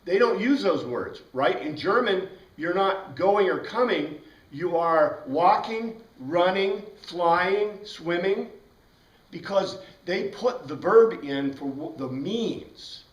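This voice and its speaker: A man with a fairly high voice leads a Bible class in a loose, rambling way, now and then spelling out words letter by letter. He is recorded from some distance, so the sound carries the echo of a roomy classroom. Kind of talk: informal classroom lecture.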